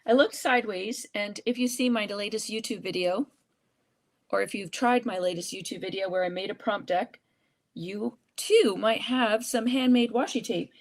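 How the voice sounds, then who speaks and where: A woman leads a relaxed live art journaling session. She chats and thinks aloud as she pulls supplies and prompt cards. Her pitch sits in an ordinary middle range, and her delivery is casual and unscripted. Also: moderate pace. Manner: chatty, thinking aloud while working. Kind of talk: casual live craft demonstration.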